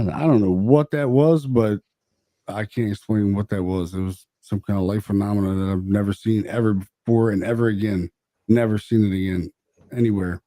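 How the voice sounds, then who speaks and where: A man co-hosting a podcast, telling stories in animated, profane casual chat. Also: fairly low pitch, no room sound. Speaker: podcast co-host.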